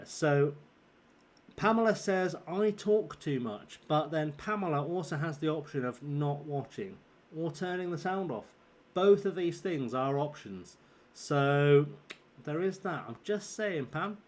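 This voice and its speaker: A slightly high-voiced man with a northern English accent, worn out and a bit scratchy from a sore throat. He rambles through live gameplay commentary, swears freely and teases his chat. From southern England. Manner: chatty, swearing, teasing viewers. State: tired with a sore throat forming. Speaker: streamer.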